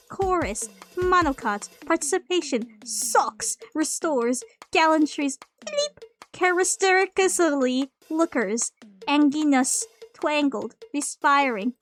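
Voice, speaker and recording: A high, youthful woman's voice reads out single words one by one at an unhurried, careful pace. She is a streamer playing a memory game. Soft music plays behind her. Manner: slow, deliberate reading of single words.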